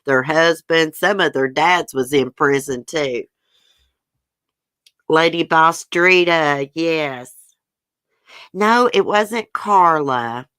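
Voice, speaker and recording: A woman's voice: low-pitched, slow, pauses often, a bit bright, no room sound. A woman hosting a livestream, chatting frankly and opinionated as she reads news and answers viewer comments. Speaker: livestream host. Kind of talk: casual chat reading news and viewer comments.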